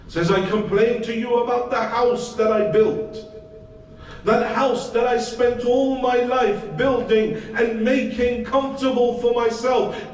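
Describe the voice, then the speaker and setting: A man preaching a sermon, voicing a dead man who pleads and laments from his grave in high, anguished cries. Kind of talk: sermon storytelling. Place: hussainia prayer hall. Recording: echoey hall, distant mic, faint noise.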